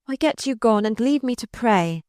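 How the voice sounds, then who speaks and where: A woman's voice: a little high, animated, moderate pace, a little mellow, dry recording, clean studio sound, pitched above the performer's own voice, close to an everyday voice. A woman giving voice to a fervent young noblewoman. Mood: pleading. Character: pious spirited young noblewoman, earnest and proud.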